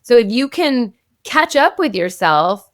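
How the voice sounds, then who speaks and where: A woman's voice: fairly high pitch, sing-song, measured pace, no room sound, clean studio sound. A woman psychotherapist and author, a guest in an interview, explaining ideas in a flowing, casual way and often checking in with "like" and "right?".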